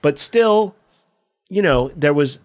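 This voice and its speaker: A man's voice: fairly high pitch, expressive, slow pace. A middle-aged man from California, a skate video filmer, telling a story casually in a podcast interview, profane and acting out the voices of the people he quotes.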